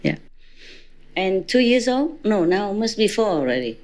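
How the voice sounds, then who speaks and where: A woman's voice: mid-range voice, big pitch swings, a little slow, a little mellow. A woman spiritual teacher giving an informal dharma talk to a gathering, chatty and teasing, laughing often.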